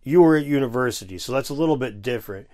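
A man's voice: mid-range voice, fast talker. A man hosting a casual reaction video, ranting with sarcasm and frequent swearing. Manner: ranting, sarcastic, profane, animated. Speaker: video host reacting to a clip.

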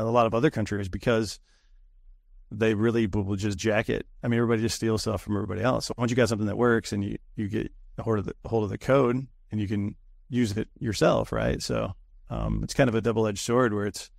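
A man's voice: on the low side, fairly even intonation, fast, creaky, a little mellow, no room sound, clean studio sound. A man chatting casually as a cybersecurity guest, rambling and profane, full of fillers and restarts. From United States. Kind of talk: casual podcast chat.

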